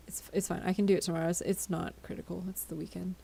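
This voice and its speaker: A woman streamer talks to her chat late at night, worn out and yawning. Her voice is mellow with a husky, gravelly fry, and she rambles and giggles as she goes, and a faint hiss sits under the recording. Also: lowish voice, fairly even intonation, rapid-fire. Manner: chatty, giggly, stumbling over words. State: tired, yawning. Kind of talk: casual live-stream chat with viewers.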